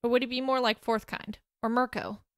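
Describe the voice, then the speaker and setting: A woman's voice: a little high, fairly even intonation, a little fast, dry recording, clean studio sound, lightly acted. A woman voicing a timid, demure teenage girl who speaks shyly. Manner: shy and soft-spoken.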